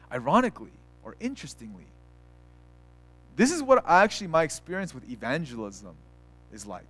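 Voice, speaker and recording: A man's voice: a little high, lively intonation, a little fast, a bit bright, no echo. A young adult man preaching a casual sermon as pastor, telling personal stories with lots of restarts and acted quotes.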